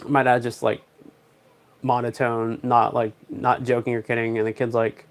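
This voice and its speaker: A man's voice: medium pitch, level tone, normal speed. Rambling young man streaming. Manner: rambling storyteller, dry jokey asides. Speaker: live streamer. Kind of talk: casual livestream chat.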